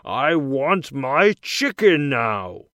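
A man's voice: mid-range voice, sing-song, extremely slow, fairly bright tone, dry recording, clean studio sound, heavily acted. A man voicing a huge, greedy, hungry male giant in a storybook reading, bellowing his demands. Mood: demanding.

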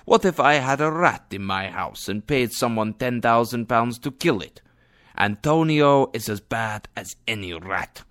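A man's voice: medium pitch, expressive, unhurried, a bit bright, no room sound, clean studio sound. A man voicing a vengeful, unyielding moneylender in a read-aloud story, stern and emphatic. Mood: defiant.

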